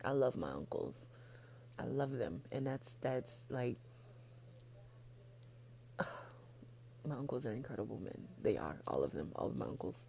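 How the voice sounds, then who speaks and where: Very gravelly, dark-voiced woman podcaster. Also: a bass voice, big pitch swings, a little slow, pauses often, a little hiss or hum. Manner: chatty, frank, laughs often, swears casually; heartfelt, gets emotional. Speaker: podcast host. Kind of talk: casual solo podcast chat.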